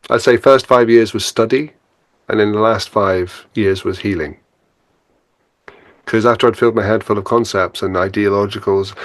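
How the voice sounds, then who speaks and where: A man's voice: on the low side, fairly bright tone, dry recording. A man guesting on a podcast as a spiritual teacher, talking casually and reflectively, laughing often and acting out his own inner thoughts.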